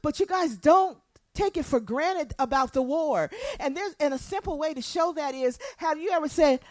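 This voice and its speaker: A woman pastor preaching a sermon, animated, acting out quotes and asking the congregation to respond. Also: high voice, normal speed, dry recording, clean studio sound.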